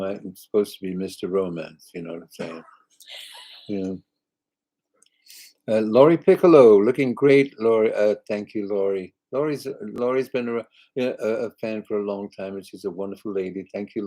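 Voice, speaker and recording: An older man casually chatting live and reading out viewer comments, halting and rambling, with frequent "uh" and "you know" and light chuckles. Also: fairly low pitch, fairly even intonation, mellow, low-quality recording. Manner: chuckles often. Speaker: singer hosting a live chat.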